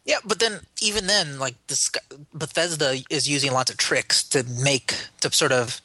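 A man's voice: medium pitch, moderate pace, pushed and bright, no room sound. A man co-hosting a casual gaming podcast, musing and a little hesitant. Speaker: podcast co-host.

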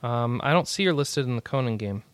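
A man's voice: medium pitch, fairly quick, no room sound, clean studio sound. A young man hosting a gaming podcast, chatting casually, reading out news and jumping in to correct the others. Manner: excitable, cuts in to correct others. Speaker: podcast host.

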